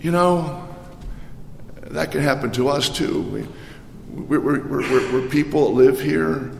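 A man preaching a sermon as a pastor, animated and full of rhetorical questions and repetition. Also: medium pitch, takes it slowly, vocal fry, noisy background. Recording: echoey hall with long reverb.

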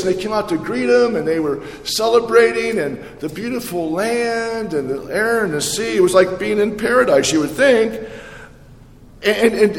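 Male pastor preaching, kinda high voice, lots of repeats and questions, big echoey church. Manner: animated, rhetorical questions and repetitions. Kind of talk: sermon. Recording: echoey hall with long reverb.

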